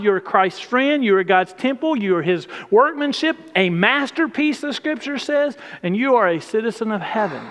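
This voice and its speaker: A man's voice: sits high, fairly bright tone. A man preaching a sermon as pastor, with an emphatic, repetitive preaching cadence. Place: church sanctuary. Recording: long church hall reverb.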